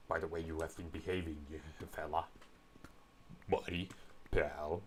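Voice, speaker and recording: A man's voice: a bass voice, level tone, measured pace, pauses often, slight background noise. A man streaming a game, rambling sarcastically in a mock-pompous put-on voice, close to his microphone. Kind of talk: casual gaming commentary. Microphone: close desk microphone.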